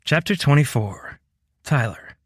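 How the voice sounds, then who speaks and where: A man narrating a first-person romance audiobook in a gentle, earnest manner, close on a studio mic. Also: medium pitch, expressive, unhurried, husky, dry recording.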